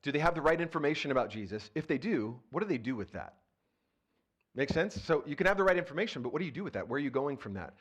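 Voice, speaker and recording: A man's voice: fairly high pitch, expressive, fast, a bit bright, slightly rough. Chatty pastor preaching to his congregation. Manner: playful, chatty, asks the crowd questions. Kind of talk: casual conversational sermon. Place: church sanctuary. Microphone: handheld mic.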